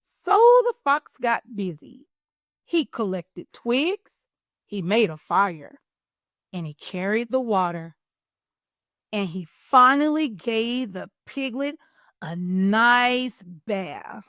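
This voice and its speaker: A middle-aged woman reads a picture book to children with a lively, swooping voice. She takes her time, and the sound is close and dry. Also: mid-range voice, slow, no echo. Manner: animated, expressive, warm teacher tone. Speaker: host and children's story reader. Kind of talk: read-aloud storytime for children.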